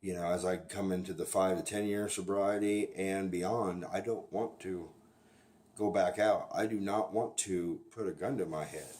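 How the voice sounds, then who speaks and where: A man speaking as a recovery sponsor, talking candidly and bluntly, often restarting his sentences and filling pauses with "you know.". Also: sits low, steady tone, a little mellow. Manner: halting, with frequent restarts and "you know" fillers; blunt and plainspoken. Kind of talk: candid informal talk to camera.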